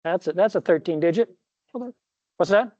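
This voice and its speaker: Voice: medium pitch, a little fast, dark tone, no echo, lo-fi sound. A professor giving a recorded classroom lecture, rambling a little, correcting himself mid-sentence and dropping jokey asides.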